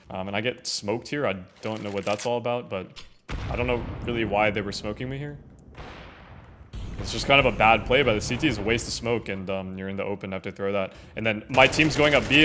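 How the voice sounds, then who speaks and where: A young man giving casual, filler-heavy commentary over his own gameplay footage, often trailing off quietly. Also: mid-range voice, a little hiss or hum. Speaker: gaming content creator.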